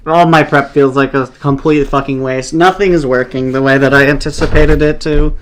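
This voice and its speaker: A man's voice: fairly high pitch, steady tone, moderate pace, hardly any pauses. A man giving casual, rambling live commentary while playing a competitive game, thinking aloud and swearing often out of exasperation.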